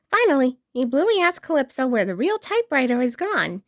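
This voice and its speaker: A woman's voice: sits high, very animated, moderate pace, hardly any pauses, no room sound, studio quality. A woman reading a children's storybook aloud, narrating expressively. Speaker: storybook reader.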